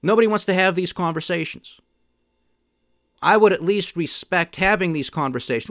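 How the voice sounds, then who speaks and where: Male podcast host, fairly high-pitched, emphatic and indignant. Dry, close sound. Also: normal speed, a bit bright, no echo. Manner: emphatic, indignant, mocking quoted officials. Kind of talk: solo commentary.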